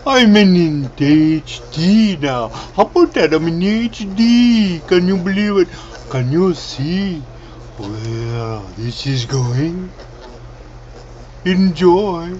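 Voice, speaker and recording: A man playing a sinister showman magician who intones slowly and theatrically. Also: high voice, lively intonation, a little mellow, a little hiss or hum, exaggerated voice. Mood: ominous. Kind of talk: comedic villain monologue. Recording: dull lo-fi sound.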